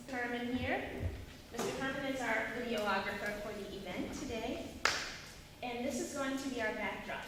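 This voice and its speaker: High bright-voiced woman teaching a class. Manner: animated, quizzing the class with questions. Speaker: acting workshop instructor. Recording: echoey hall, mic far off, faint noise.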